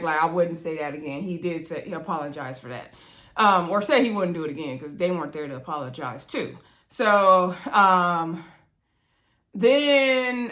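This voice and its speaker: A woman's voice: lowish voice, fairly bright tone. Chatty woman recapping a reality show. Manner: chatty, retells scenes in quoted voices, laughs often. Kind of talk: casual TV recap chat.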